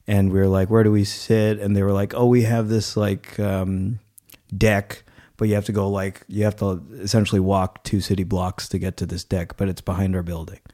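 Animated storytelling man. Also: moderate pace. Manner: animated storytelling, acts out quoted people with rising pitch. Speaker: podcast co-host. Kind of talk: casual chat.

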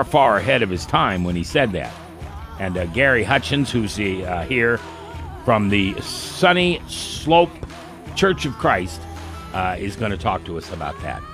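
Animated folksy male radio host. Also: lowish voice. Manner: folksy, animated, thinking aloud with many restarts. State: has a cough. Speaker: radio talk show host. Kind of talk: Christian talk radio chat.

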